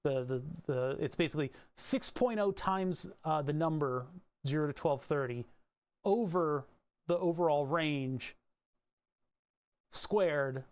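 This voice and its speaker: A man's voice: on the high side, takes it slowly. A man from Pennsylvania hosting a casual live stream, thinking aloud as he works through code, rambling with restarts and asides. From Pennsylvania, USA.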